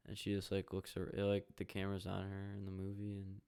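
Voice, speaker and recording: A young man from the hosting a casual solo podcast, rambling with heavy profanity and reacting out loud to a hockey game. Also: sits low, monotone, brisk, creaky, smooth. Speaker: podcast host.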